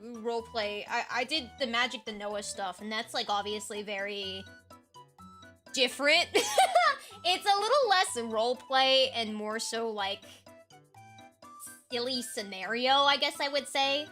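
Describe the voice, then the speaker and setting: A young adult woman streamer, chatty and laughing often, rambling with fillers, a little hoarse and tired. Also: fairly high pitch, unhurried, sharp tone, faint music behind. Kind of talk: casual chat recapping a role-play game.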